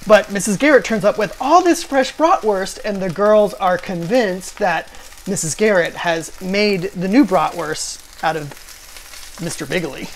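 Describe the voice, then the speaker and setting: A man's voice: high voice, unhurried, creaky, a little hiss or hum. A man in his late forties chatting enthusiastically as he hosts a cooking video at his stove, wandering into rambling asides. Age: late 40s. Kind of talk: casual cooking vlog chat. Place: home kitchen at the stove.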